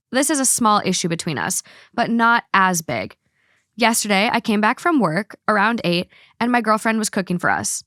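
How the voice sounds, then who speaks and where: A woman's voice: mid-range voice, a bit bright, dry recording, studio quality. A woman hosting a podcast, chatting casually, swearing freely and reading online posts aloud. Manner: swears freely, blunt opinions. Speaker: podcast host.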